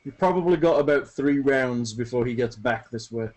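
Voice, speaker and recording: A man running a tabletop game as game master, narrating in a casual, quick way with asides. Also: mid-range voice, darkish tone, slight background noise.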